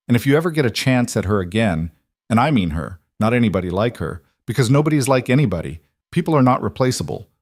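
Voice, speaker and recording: A man's voice: lowish voice, darkish tone, dry recording, studio quality. A man voicing a blunt, commanding older grandmother who insists on her points and repeats them.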